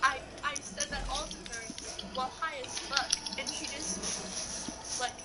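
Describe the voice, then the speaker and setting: A woman's voice: high voice, steady tone, a little slow, over loud music. A young woman telling crude, rambling stories to friends over voice chat.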